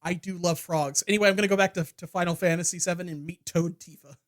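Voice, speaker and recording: A man with a high voice chats loosely as a podcast co-host. He rambles, stalls on fillers and stammers, and loses his thread mid-sentence. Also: steady tone, fast talker. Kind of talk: casual comedic chat.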